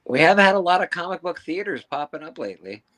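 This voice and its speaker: A man's voice: sits high, sing-song, quick pace, pushed and bright. A man co-hosting a livestream who chats casually and throws in teasing wisecracks. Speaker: livestream co-host. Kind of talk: casual chat.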